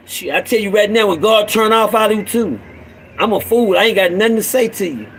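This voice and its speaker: Casual preacher-style rant from a middle-aged guy with a high voice, fired up, says things over and over, drops low and gravelly when he gets serious. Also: lively intonation, a little fast, fairly bright tone, a little hiss or hum, rough recording. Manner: fervent, repetitive, swings between raised urging and low growl. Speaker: father addressing other fathers. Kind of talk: impassioned street-sermon monologue.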